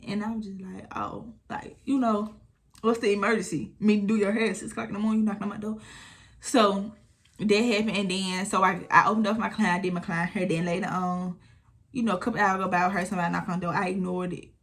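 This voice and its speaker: Young woman, 20s, casual storytime vlogger, animated and blunt. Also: mid-range voice, fast. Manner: animated retelling, acting out quotes, frequent swearing.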